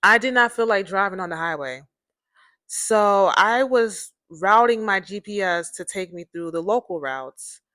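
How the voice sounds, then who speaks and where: A woman's voice: medium pitch, lively intonation, a little slow, a bit bright, no echo, clean studio sound. A woman hosting her own series, telling a personal story in a casual, rambling way, repeating herself and talking to listeners as "y'all.".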